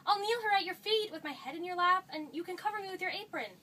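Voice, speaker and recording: A woman's voice: extremely high pitch, quick pace, sharp tone. An actress playing an eager, insistent fourteen-year-old girl who presses her mother for answers, recorded from a distance. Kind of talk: stage play acting. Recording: distant mic with faint noise.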